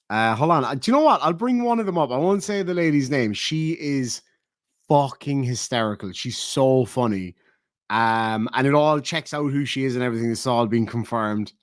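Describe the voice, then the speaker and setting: An Irish YouTuber rants in a vlog monologue, telling a profane, sardonic story. His medium-pitched voice is smooth, and the studio-quality audio has no room sound.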